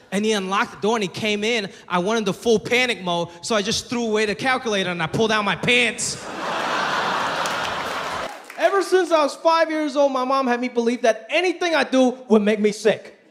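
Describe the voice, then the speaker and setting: A man in his thirties doing an animated, self-deprecating stand-up comedy routine on stage. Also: very high-pitched, a little fast, a faint crowd. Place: comedy stage before a live audience. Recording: live club with audience laughter.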